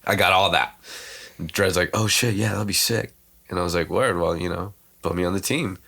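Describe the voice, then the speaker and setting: A man guesting on a podcast tells stories in loose, slangy talk packed with fillers. He acts out what others said through quick reenactments of their words. His voice sits low, creaky and a bit bright.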